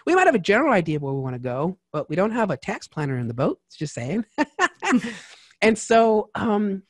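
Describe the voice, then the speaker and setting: A man talking as a tax strategist guest in a casual interview, lively and chatty with lots of asides. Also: high voice, brisk, no echo, clean studio sound.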